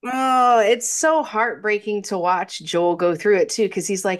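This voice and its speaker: A woman's voice: mid-range voice, unhurried, hardly any pauses. A woman co-hosting a podcast, chatting through a film's plot with hesitant restarts. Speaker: podcast co-host. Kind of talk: casual movie recap chat.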